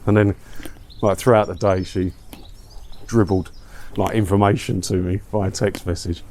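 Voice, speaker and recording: A man's voice: fairly low pitch, steady tone, a little slow, long pauses, a little mellow, a little hiss or hum. A man talking in a rambling, chatty, self-mocking way while walking outdoors for his vlog. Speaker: vlogger. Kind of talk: casual walking vlog chat.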